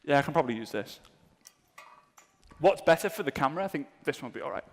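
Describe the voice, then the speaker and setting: Male seminar speaker, jokey and self-mocking, animated delivery, reverberant venue. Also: on the high side, fast talker. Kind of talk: comedic live seminar talk. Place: event room with a live audience.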